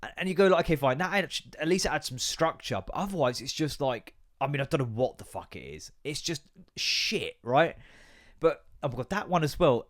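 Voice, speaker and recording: A man's voice: mid-range voice, expressive, fairly quick. A man hosting a podcast, ranting in a casual, sweary way and acting out both sides of remembered conversations. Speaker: podcast host.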